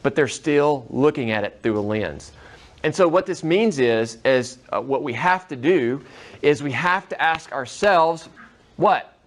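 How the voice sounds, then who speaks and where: Male teacher in a classroom with a slightly high voice. Casual lecturing style, keeps checking in with the class. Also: lively intonation, unhurried. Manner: conversational, checks in with students often.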